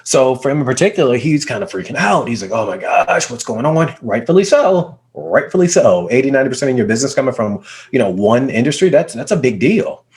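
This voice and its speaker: A mid-pitched man speaking as a business coach, telling his stories with energy. He hammers points home by repeating words and speaks in a loose, conversational way over a video call. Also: big pitch swings, fast, hardly any pauses, a little mellow. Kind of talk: conversational storytelling.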